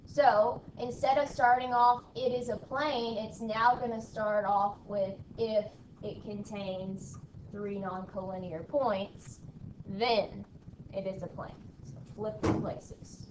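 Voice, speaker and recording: A woman's voice: mid-range voice, steady tone, takes it slowly. A woman teacher leading a math lesson in a classroom, drilling her students with call-and-response and a frequent "okay?". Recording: echoey room from far off, faint background noise.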